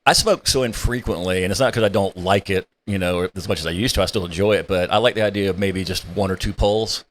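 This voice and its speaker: A man's voice: low-pitched, quick pace. A man co-hosting a podcast in laid-back casual chat, often chiming in with agreement. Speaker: podcast co-host.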